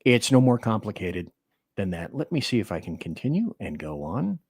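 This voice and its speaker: Male political radio host, forceful opinion delivery, very animated intonation, dry close sound. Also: on the low side, moderate pace, husky, no echo. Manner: emphatic, opinionated, reads articles and chat aloud. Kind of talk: political commentary.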